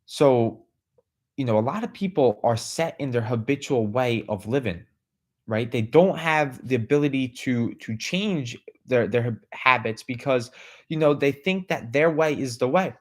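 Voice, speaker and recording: A podcast host with a medium-pitched male voice speaks at a measured pace. His motivational talk keeps putting questions to the listener, ending lines with "right?" and "okay?" and repeating words whenever he restarts.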